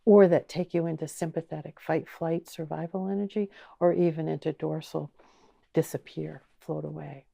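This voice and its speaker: Woman, gravelly low voice, gentle slow teacher, asks inviting questions. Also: steady tone. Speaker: online course teacher. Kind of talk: guided teaching talk.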